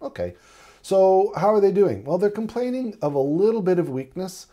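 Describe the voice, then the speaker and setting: A man's voice: high-pitched, sing-song, normal speed, dark tone, lo-fi sound. A middle-aged man teaching a recorded paramedic lesson in a conversational way, acting out short exchanges with patients. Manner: conversational, acts out patient dialogue. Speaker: paramedic instructor.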